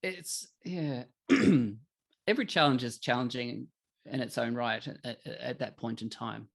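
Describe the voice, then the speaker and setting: A middle-aged man, a podcast guest telling emotional stories in a candid, animated way. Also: mid-range voice, measured pace, gravelly. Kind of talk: candid conversational interview.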